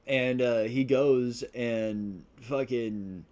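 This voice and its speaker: A man's voice: medium pitch, extremely slow, a little mellow. A man on a podcast casually retelling a movie plot, rambling, swearing constantly and filling gaps with "uh" and "like". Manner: profanity-laced, rambling, many fillers. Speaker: podcast co-host.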